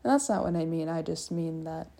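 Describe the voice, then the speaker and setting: A woman's voice: low voice, fairly quick, creaky, dark tone. A young woman rambling through a personal monologue, musing and self-mocking as she talks in loose circles. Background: people faintly heard in the hallway.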